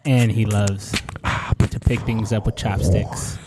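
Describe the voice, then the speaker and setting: A man's voice: lowish voice, steady tone, takes it slowly, heavy background noise. A man co-hosting a casual podcast, joking crudely and laughing often. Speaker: podcast co-host. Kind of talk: casual chat.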